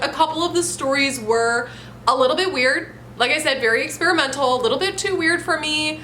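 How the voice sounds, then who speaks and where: Bright, gushing woman in an echoey room. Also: high-pitched, expressive, a little slow, a little hiss or hum. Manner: gushing and candid, swears freely. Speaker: book reviewer. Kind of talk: casual book review vlog.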